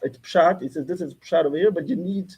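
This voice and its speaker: A man's voice: on the high side, a little fast, a little mellow, husky. A man teaching a Torah class, arguing insistently with his students and mixing in Yiddish and Hebrew terms. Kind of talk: heated study-class debate.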